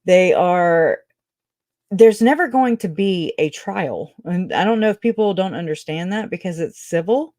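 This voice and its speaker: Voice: medium pitch, lively intonation, a little slow, darkish tone, no echo, studio quality. Chatty rambling true crime host. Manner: rambling, chatty, laughs often, goes off on tangents. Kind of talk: casual livestream commentary.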